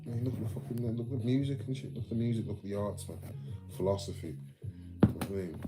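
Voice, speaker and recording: A man's voice: on the low side, fast talker, low-quality recording. An English man ranting casually on a livestream, swearing a lot and ending his sentences with "man" and "mate". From England. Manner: sweary, rambling, tags lines with "man" and "mate". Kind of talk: rambling casual rant. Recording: music playing loudly behind the voice.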